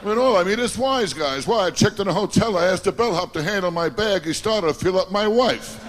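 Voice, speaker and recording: A man's voice: sits high, lively intonation, brisk. An older man with a New York accent doing a stand-up comedy set, firing off punchy one-liners and working the crowd. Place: comedy club stage with live audience. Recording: live club recording with audience noise.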